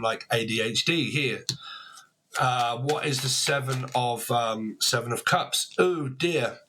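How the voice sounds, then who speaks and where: A man's voice: medium pitch, background noise. A man giving a casual tarot reading to camera, rambling, swearing freely and laughing at himself. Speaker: tarot reader.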